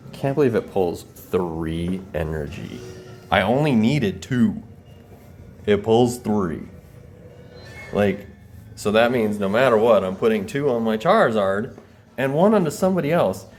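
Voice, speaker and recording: A man casually commenting on his own card game, animated and self-mocking. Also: fairly low pitch. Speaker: host, card game player.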